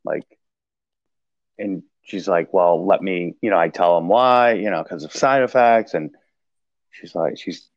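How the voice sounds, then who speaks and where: A man casually telling a personal story in a halting way, with many restarts and fillers. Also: sits low, no echo, lo-fi sound. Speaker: podcast guest sharing recovery story.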